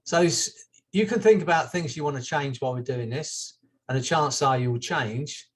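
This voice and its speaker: A man, a hypnotherapist, talking to a group in a gentle, chatty way with soft laughs. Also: mid-range voice, normal speed. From England. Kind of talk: relaxed group therapy talk.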